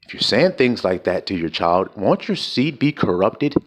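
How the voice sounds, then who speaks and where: A man's voice: fairly low pitch, big pitch swings, normal speed. A man preaching an informal sermon, blunt and profane, firing rhetorical questions at his listeners.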